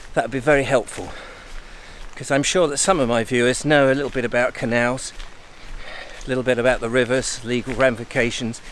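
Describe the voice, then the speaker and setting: A middle-aged Englishman talks casually to his viewers in a rambling, friendly way. His voice sits at an ordinary middle pitch. He is outdoors beside his van, and gusts of wind buffet the mic over a faint hiss of traffic. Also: fairly bright tone. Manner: chatty, rambling, friendly asides. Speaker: vlogger. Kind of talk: casual vlog to camera. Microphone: wind buffeting the microphone.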